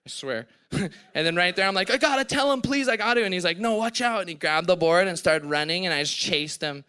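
A man's voice: fairly high pitch, fairly quick, bright, forceful tone, clear, resonant tone. A young Hawaiian man with a Hawaiian accent, a podcast guest telling a story on stage, laughing and acting out quotes. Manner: laughing, breathless retelling with voiced quotes. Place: live event on stage.

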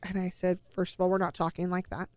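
A woman's voice: lowish voice, level tone, quick pace, no room sound. A middle-aged woman telling her own family story in a personal, emotional way, acting out the dialogue she quotes.

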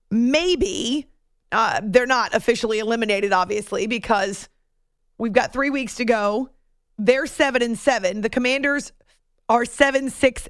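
A woman's voice: a little high, dry recording, studio quality. A woman hosting a sports talk show, chatty and playful, with joking asides to her producer.

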